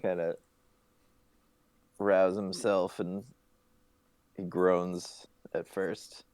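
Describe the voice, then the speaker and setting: A man narrating as game master over an online call, his voice very low and unhurried. He picks his words haltingly, with many pauses, in a close, dry sound. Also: flat delivery, a little mellow, dry recording.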